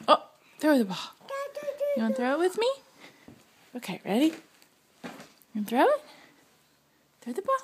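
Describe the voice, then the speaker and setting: A young mother with a high, bouncy voice speaks slowly in coaxing baby talk, praising her little one. It sounds like a home camcorder clip with plenty of background noise. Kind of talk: home video, talking to a baby.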